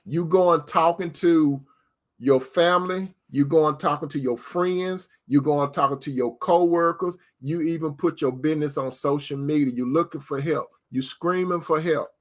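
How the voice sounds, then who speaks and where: A man's voice: a little high, normal speed. Man preaching relationship advice, repeating points. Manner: addresses listeners as sister, repeats key phrases; rhetorical questions in a preaching cadence. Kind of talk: preacher-style relationship talk.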